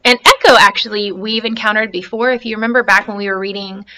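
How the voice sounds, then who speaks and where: A woman teaching a reading lesson online from her laptop, talking in a chatty and encouraging way. Her voice is bright and crisp, at a middle pitch. She often pauses to check in with her students. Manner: chatty and encouraging, full of fillers and questions.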